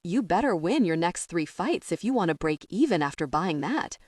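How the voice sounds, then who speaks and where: A woman's voice: fairly low pitch, sing-song, normal speed, a little mellow, no room sound, studio quality. Brief: easygoing gym friend, jokey, read by a woman. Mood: joking. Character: young man, joking friend at a gym.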